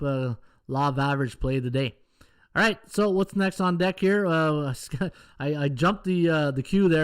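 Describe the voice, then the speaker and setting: Middle aged guy hosting a live stream, rambly and jokey, bit high voice, nice smooth tone. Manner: rambling, chatty, banters with chat viewers. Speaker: podcast host, sports handicapper. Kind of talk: casual live-stream betting talk.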